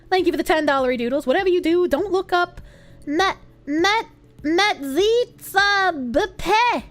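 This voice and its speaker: Lively high-voiced woman streamer. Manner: animated, swears casually, laughs often. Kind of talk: casual chat reading donations.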